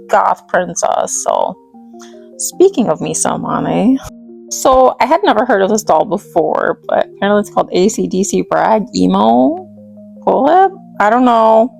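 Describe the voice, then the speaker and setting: Restyling dolls, this vlogger talks about her collection in a medium-pitched, slightly mellow voice with vocal fry. Her chat is casual, rambling, and giggly, and she stumbles over names along the way.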